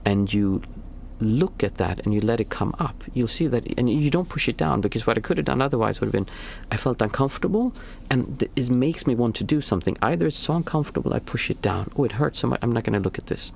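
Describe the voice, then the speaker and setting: A man's voice: medium pitch, lively intonation, fast, vocal fry, hardly any pauses, darkish tone, a little hiss or hum. A man who is a meditation teacher and a father of small children, giving a reflective, casual talk and searching aloud for the right words. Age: young adult to middle-aged, father of small children. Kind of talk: casual spoken teaching on a livestream.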